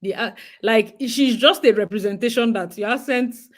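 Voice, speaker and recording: A Nigerian woman co-hosting a talk show, chatting in a lively, dramatic way with frequent laughs and asides. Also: a little high, normal speed. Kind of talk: casual chat.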